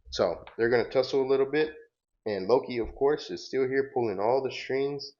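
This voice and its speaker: A man's voice: medium pitch, moderate pace, a little mellow. A man hosting a comic reading, retelling the panels casually with fillers and self-corrections. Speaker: comic book reader and host. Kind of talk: casual reading aloud with commentary. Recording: dull lo-fi sound.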